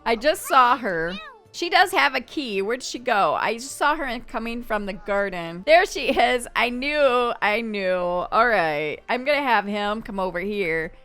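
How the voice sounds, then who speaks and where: A woman casually narrating a life-simulation game, chatty and expressive, talking to the characters and the game as she plays. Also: fairly high pitch, a little slow, soft background music. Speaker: game streamer. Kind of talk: casual let's-play narration.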